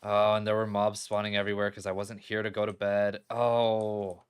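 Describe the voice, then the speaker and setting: A man's voice: lowish voice, completely flat delivery, normal speed, clean tone. A man chatting casually through his building game, exclaiming and laughing readily as he talks straight to his viewers. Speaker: gaming video creator. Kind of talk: casual let's-play commentary.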